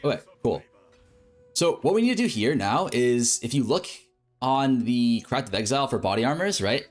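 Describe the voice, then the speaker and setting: Man, game streamer, casual explaining, self-correcting, mid-pitched voice, faint music behind. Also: animated, normal speed. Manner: casual, thinking aloud with fillers and self-corrections. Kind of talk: explaining a game crafting strategy.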